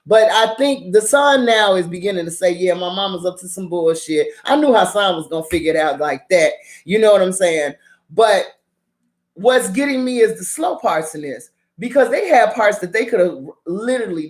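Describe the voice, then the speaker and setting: A woman's voice: on the low side, normal speed. A woman ranting casually about a TV drama, swearing and laughing often as she recaps scenes. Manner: profane, animated, laughs often. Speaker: drama review vlogger.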